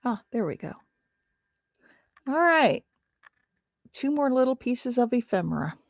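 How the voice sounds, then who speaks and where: A woman's voice: a little high, big pitch swings, unhurried, creaky, no room sound, highs cut off. A middle-aged woman telling a story while she crafts on a livestream, chatty and rambling with lots of fillers and asides.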